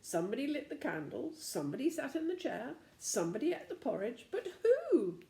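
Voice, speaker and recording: A woman's voice: on the high side, very animated, fast talker, vocal fry, mellow, roomy sound, pitched above the performer's own voice. A woman voicing Moonface, an anxious round-faced magical fellow in a children's storybook.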